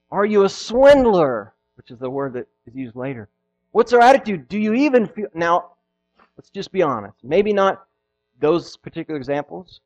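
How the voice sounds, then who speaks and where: A pastor preaching a sermon, acting out quoted voices and swinging between loud exclamations and hushed asides. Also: male voice, sits high, poor audio.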